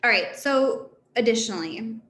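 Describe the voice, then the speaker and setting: A woman in her thirties, a therapist, giving an informal talk to parents in a conversational, animated way. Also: a little high, normal speed. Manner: conversational and animated, laughs between points. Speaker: therapist speaking to a parent council. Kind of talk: informal presentation. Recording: echoey room with faint background noise.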